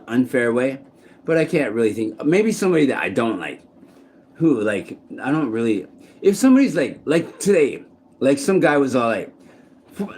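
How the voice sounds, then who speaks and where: Man, mid-pitched voice, rambling profane vlog monologue recorded outdoors in a park. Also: darkish tone. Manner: rambling, profane, frequent restarts and fillers. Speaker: vlogger. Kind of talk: casual rambling monologue to camera.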